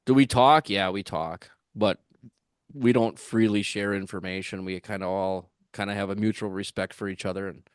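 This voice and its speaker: A man telling a rambling fishing-tournament story on a podcast, with lots of fillers and restarts, getting animated when he acts out what others said. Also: low-pitched, normal speed, clear, resonant tone, no echo, clean studio sound. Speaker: tournament angler guest.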